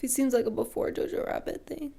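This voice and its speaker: Young woman cohost, slightly high voice with lots of vocal fry, wry and teasing. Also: brisk, dark tone. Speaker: podcast co-host. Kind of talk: casual chat.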